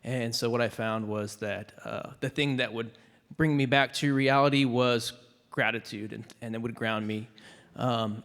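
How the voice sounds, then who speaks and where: A man from the audience telling a personal story, hesitant and emotional, with many pauses. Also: medium pitch, a bit bright, long reverb tail. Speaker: audience member sharing a story. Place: large conference hall.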